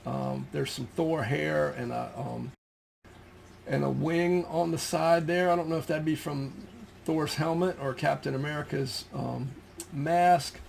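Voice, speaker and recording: A man's voice: on the high side, steady tone, a little slow, vocal fry, a little mellow, a little hiss or hum. A middle-aged man from the United States chatting casually about a collection, rambling with lots of ums and restarts. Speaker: comic collector showing his finds. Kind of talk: casual show-and-tell chat.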